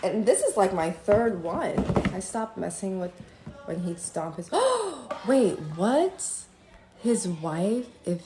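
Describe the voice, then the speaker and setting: A woman chatting on a live stream from home in a gossipy, animated way, now and then drifting into sing-song lines. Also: lowish voice, unhurried, background noise. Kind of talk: rambling casual live-stream chat. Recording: roomy echo with faint ambience.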